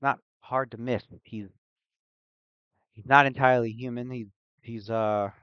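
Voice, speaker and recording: A man's voice: medium pitch, steady tone, measured pace, clear, resonant tone, dry recording, highs cut off, close to an everyday voice. A man voicing a hyperactive, scatterbrained young woman mage who rambles from one thought to the next. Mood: scattered cheerful.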